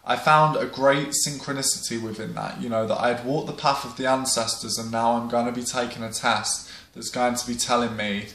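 A man's voice: medium pitch, steady tone, brisk, hardly any pauses, a bit bright. Young man, casual vlog chat, rambling, lots of ums, swears, echoey room. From England. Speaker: vlogger. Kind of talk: casual talk to camera. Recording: roomy echo.

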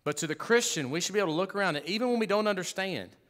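A man's voice: sits high, expressive, racing. Man, pastor, sermon, emphatic, conversational, joking asides. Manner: emphatic, swings from loud to hushed.

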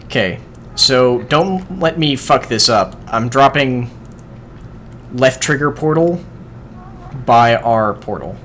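A man gives casual let's-play commentary while he plays, excitable and quick to swear as he talks to the game's creatures. His pitch swoops up and down all the time. A faint hiss of noise sits under the voice. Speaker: gaming video host.

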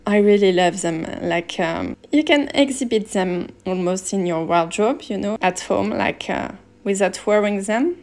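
A woman's voice: mid-range voice, a little slow, hardly any pauses. A woman narrating a shopping vlog as a personal shopper and stylist, chatty and enthusiastic. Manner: relaxed, chatty, enthusiastic about pieces. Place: Paris shops and rooftop.

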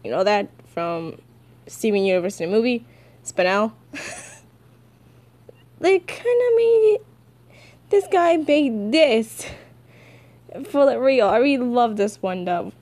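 A woman's voice: fairly high pitch, very animated, slow pace, pauses often, dark tone. A woman chatting casually about her comic dubs as a VTuber, in a rambling, self-amused way.

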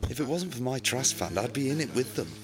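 A man's voice: medium pitch, expressive, fast talker, a crowd in the background, close to an everyday voice. A man voicing a haughty prime minister caricature who repeats catchphrases in comedy game voice lines. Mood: pompous. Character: pompous posh male prime minister caricature.

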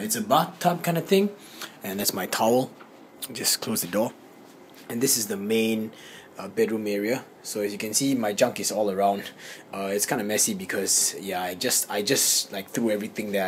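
Rambling young man vlogging on a camera. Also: fairly low pitch. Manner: rambling, with many fillers and restarts. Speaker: vlogger, dancer. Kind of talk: casual vlog chat. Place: hotel room, then a cold street at night. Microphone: handheld camera. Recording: camera audio with clear background noise.

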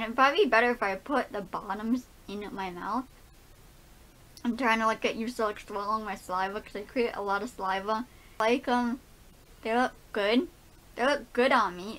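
Woman vlogger lisping with new dentures. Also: fairly high pitch. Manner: lisping while getting used to new dentures; relaxed, rambling, many fillers. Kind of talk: casual vlog chat. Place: at home, indoors.

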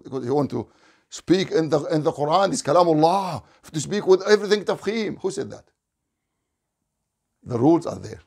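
A man's voice: medium pitch, lively intonation, normal speed, gravelly, darkish tone. A man teaching Quran recitation in a live online lesson, drilling letter sounds in short repeated syllables and correcting them, with Quranic phrases recited in chant.

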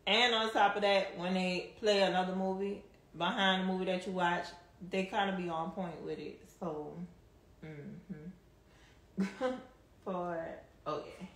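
This woman speaks in a lowish voice at a slow pace, with a heavy Southern drawl and laid-back slang. She's hanging out with her live stream audience, responding to comments and laughing often. The phone recording has room echo and a faint hum underneath.

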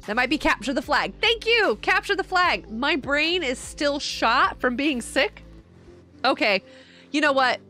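A woman's voice: sits high, lively intonation, measured pace, bright, forceful tone, faint music behind. A middle-aged woman live-streaming a game, chatting casually with viewers, giggling often and sounding a little tired. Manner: chatty, giggly, reads and answers chat.

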